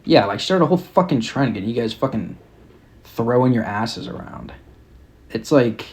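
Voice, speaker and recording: A man's voice: mid-range voice, animated, moderate pace, darkish tone. Profane, ranting young male podcast host. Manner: profane, mocking, exasperated. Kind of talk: casual rant.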